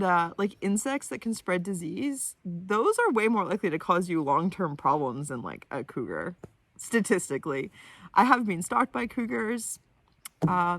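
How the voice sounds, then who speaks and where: A woman telling a story in a casual vlog, animated, with many "like" fillers. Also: lowish voice, dry recording. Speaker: vlogger. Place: in her van.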